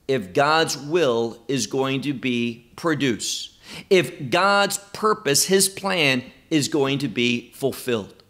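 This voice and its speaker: A man teaching a Bible lesson, stressing key words in a slow, emphatic way. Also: on the high side, fairly bright tone.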